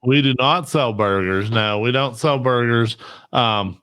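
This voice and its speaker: A man with a bright, forward voice telling loose, rambling stories, and he leans on fillers as he goes. It is relaxed podcast banter among friends. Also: mid-range voice, a little slow, clean tone. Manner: rambling, filler-heavy storytelling. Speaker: podcast host. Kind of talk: casual chat.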